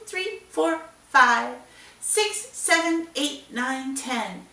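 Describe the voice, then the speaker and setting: A woman librarian leading a children's storytime, singing finger rhymes and reading a picture book aloud in an animated, sing-song way. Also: high-pitched, measured pace, far from the mic. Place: library room. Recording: echoey room, voice a bit off-mic.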